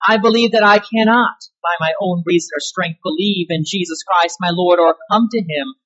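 A woman's voice: fairly low pitch, moderate pace, fairly bright tone. Woman pastor, sermon, emphatic, leans on key words, rhetorical questions, dull muffled recording.

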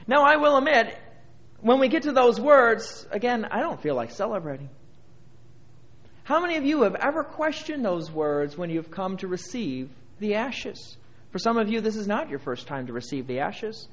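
A man's voice: high voice, very animated, normal speed, fairly bright tone, lo-fi sound. A male pastor preaching a sermon, reading scripture aloud and building emphasis through repeated phrases.

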